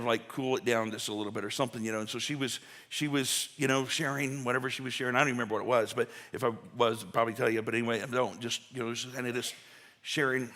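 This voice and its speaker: Folksy pastor in a reverberant church. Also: male voice, medium pitch, sharp tone. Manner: folksy, storytelling, many asides and restarts. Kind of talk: conversational sermon. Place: church sanctuary. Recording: long church hall reverb.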